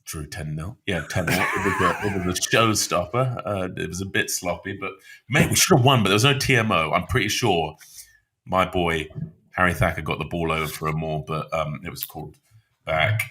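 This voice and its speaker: A man's voice: sits low, a little fast, sharp tone, slight background noise. A man co-hosting a podcast and playing rugby, telling wry, colourful stories full of slang. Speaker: podcast co-host, rugby player. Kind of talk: casual chat.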